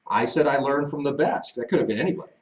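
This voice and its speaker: Joking man with a lively, swooping voice. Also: medium pitch, fast. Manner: joking, teasing, self-deprecating. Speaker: co-host of a ranch live stream. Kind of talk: casual live-stream chat. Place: seated on a small love seat in a home studio. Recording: dull, distant mic.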